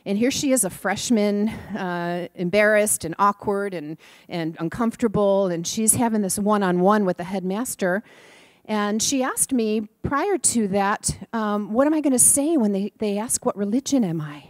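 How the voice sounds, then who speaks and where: A middle-aged woman tells stories to a congregation, acting out the people she quotes. Her voice sits at an ordinary pitch for a woman. The sound is close and dry. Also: normal speed, dry recording. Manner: animated storyteller, acts out the people she quotes. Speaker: speaker at a spiritual center. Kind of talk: storytelling talk. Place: church hall.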